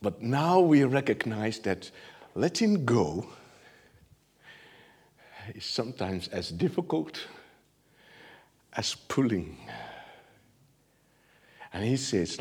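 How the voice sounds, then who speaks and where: Male preacher, animated sermon, slow and husky, lively pitch swings. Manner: animated, laughs often, shifts from shouting to near-whispers.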